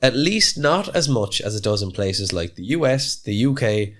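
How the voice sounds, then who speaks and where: A man's voice: fairly low pitch, expressive, moderate pace, fairly bright tone. A man with an Irish accent co-hosting a podcast in casual, jokey banter, laughing often and drifting into asides. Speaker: podcast co-host.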